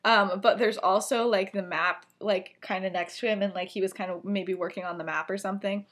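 A woman's voice: medium pitch, fairly even intonation, a little fast, a bit bright. A young woman co-hosting a podcast, casually retelling a fan story in a rambling way, full of "like" and "you know", acting out the characters' lines as she goes. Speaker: podcast co-host.

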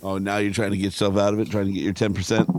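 A man's voice: lowish voice, level tone, rapid-fire, darkish tone. A man co-hosting a podcast, bantering and teasing, laughing at his own jokes. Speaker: podcast co-host, timekeeper. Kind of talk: casual banter.

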